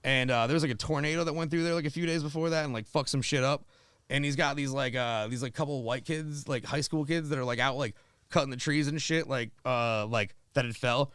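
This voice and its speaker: A man's voice: mid-range voice, fairly quick, a bit bright, smooth, no echo, studio quality. A man from Florida, a stand-up comedian guesting on a podcast, telling casual comic stories in a profane, rambling way full of likes and dudes.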